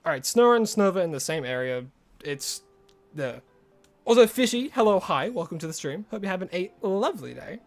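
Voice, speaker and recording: A man's voice: high-pitched, big pitch swings, fairly quick, soft background music. A man streaming a game live, chatting casually with his viewers and rambling through asides. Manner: chatty, answers chat messages, rambling asides.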